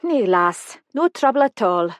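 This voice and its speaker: A woman voicing a sunny, homely Highland woman chef in her sixties, in an audiobook. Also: big pitch swings, measured pace, no echo, studio quality. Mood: cheerful. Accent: Scottish Highlands. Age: 60s. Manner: warm, homely.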